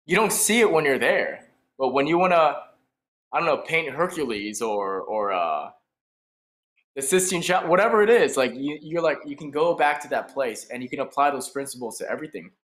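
A man's voice: a little high, expressive, fairly quick, fairly bright tone. A man talking casually as a guest in an interview, enthusiastic and loose, with lots of "like" and "you know". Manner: casual and enthusiastic, says "brother" and "like". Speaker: guest, painter.

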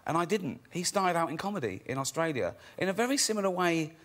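A man's voice: fairly high pitch, very animated, quick pace, a bit bright. A man with a jokey manner, chatting as a guest on a talk show. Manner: jokey, laughing often. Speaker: guest, comedian and director. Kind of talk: chat show banter.

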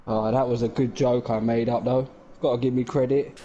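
Young lad streaming a game, slangy banter, quick to laugh. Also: male voice, mid-range voice, little pitch movement, warm tone, lo-fi sound, slight background noise. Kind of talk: casual chat while gaming on stream.

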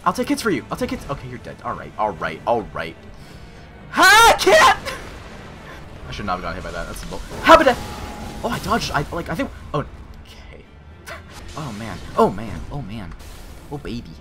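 A young man giving crude, excitable commentary while playing a video game, swinging from mutters to yells. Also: lowish voice, fast talker, music in the background. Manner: crude joking. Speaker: gaming YouTuber. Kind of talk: Let's Play commentary.

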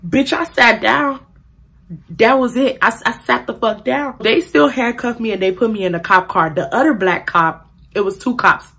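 A young woman telling a profane, animated storytime in casual vlog style, acting out the people in it. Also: a little high, moderate pace, vocal fry, husky. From African family. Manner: animated, profane, acts out quotes loudly. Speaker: beauty vlogger.

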